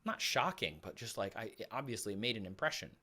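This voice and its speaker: A man's voice: fairly low pitch, animated, brisk, sharp tone. An American man in his thirties chatting casually as a podcast guest, talkative and full of restarts. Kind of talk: casual conversation.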